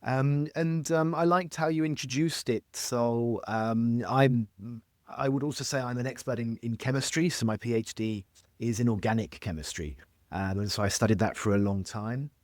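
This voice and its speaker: A man from France with an English accent, speaking as a guest chemistry expert in a thoughtful, hesitant way with many pauses. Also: medium pitch, a little mellow, no room sound, studio quality. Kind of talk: casual podcast interview.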